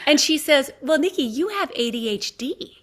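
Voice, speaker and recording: Lively storytelling woman podcast host. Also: high voice, moderate pace. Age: 50s. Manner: animated storyteller acting out quoted dialogue. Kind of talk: casual conversation, storytelling.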